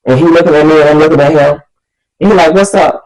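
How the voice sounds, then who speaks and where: A woman vlogger telling a story in an animated, exasperated way. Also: low voice, quick pace, low-quality recording. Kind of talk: storytime vlog.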